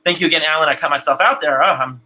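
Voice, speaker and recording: A man hosting an online theater broadcast, chatting warmly and reading out viewer comments, often stumbling and repeating words. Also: a little high, fairly even intonation, racing, poor audio. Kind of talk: live-stream host reading viewer comments.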